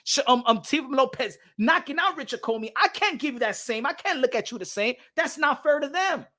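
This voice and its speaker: A young man hosting a boxing channel livestream in casual chat, animated, repeating himself and laughing often, slipping into Spanish. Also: very high-pitched, fast talker.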